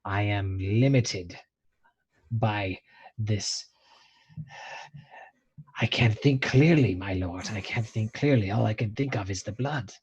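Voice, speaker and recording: A man's voice: fairly low pitch, takes it slowly, pauses often, darkish tone, breathy edge, exaggerated voice. A man voicing a cowardly male creature tormented by bloodlust, stammering and pleading. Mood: frightened pleading. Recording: dull lo-fi audio.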